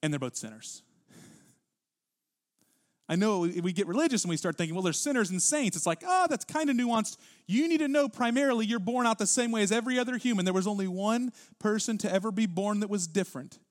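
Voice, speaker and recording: Emphatic male preacher, higher voice. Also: expressive. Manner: emphatic, grows louder and higher when stressing a point; reads scripture aloud with deliberate weight. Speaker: pastor. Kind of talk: sermon.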